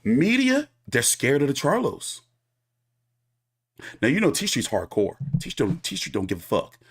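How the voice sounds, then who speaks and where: Hosting a boxing commentary show, a man tells a story in a casual, profane monologue, animatedly acting out the people he quotes. His mid-range voice is gravelly with a breathy edge, at a moderate pace.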